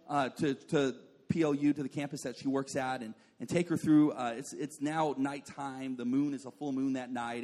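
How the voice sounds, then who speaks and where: A man's voice: medium pitch, a little mellow. A man preaching a sermon as a pastor, joking and telling stories, often saying "like" and calling on the congregation to respond. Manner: joking, storytelling with asides to the congregation; says "like" often and calls for responses.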